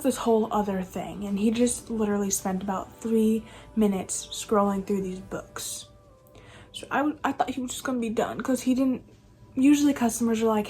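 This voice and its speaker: A young woman tells a casual story about her job at a fast-food counter. She rambles and keeps reaching for filler words. Her voice sits at an ordinary middle pitch, with faint music behind her. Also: mellow. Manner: chatty, rambling, lots of "like" fillers. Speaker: fast-food cashier telling work stories.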